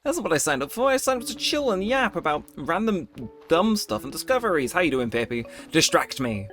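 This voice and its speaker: Male let's-play host, rambling and laid-back, swinging intonation, soft game music under him. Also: sits high, very animated, a little fast. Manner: rambling, chatty, laid-back late-night talk. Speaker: gameplay video host. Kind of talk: casual let's-play commentary. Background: faint game music.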